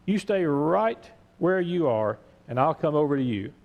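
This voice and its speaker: A man voicing a gentle, lonely little male bunny in a storybook tale, in a plaintive, earnest tone. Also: a little high, sing-song, unhurried, gravelly, muffled recording, exaggerated voice. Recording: echoey church sanctuary.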